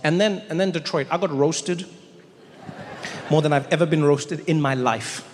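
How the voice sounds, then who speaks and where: A man performing a stand-up routine on a large stage, telling stories in an animated way and stumbling over restarts. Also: a little high, normal speed, big-room sound, a little hiss or hum. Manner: animated storytelling, stammers on restarts. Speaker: stand-up comedian.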